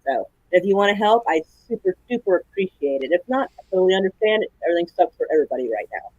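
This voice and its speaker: A woman's voice: lowish voice, sing-song, racing, a little mellow, lo-fi sound. Profane, laughing woman livestream host. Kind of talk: casual chat. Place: indoors at home.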